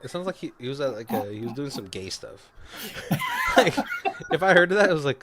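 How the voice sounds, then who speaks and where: A man co-hosting a casual movie commentary chat, rambling, swearing freely and acting out characters' lines in quick voices. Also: mid-range voice, wildly swooping pitch, background noise. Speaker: podcast co-host.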